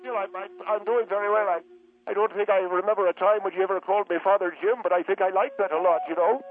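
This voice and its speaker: A man putting on a soft-spoken old priest in his eighties, patient and a little halting, calling in on a tinny phone line. His voice sits very high for a man. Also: fairly even intonation, natural voice. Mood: patient, gently reproving. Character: elderly male Catholic priest, calm and patient. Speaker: caller. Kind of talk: comic radio call-in character.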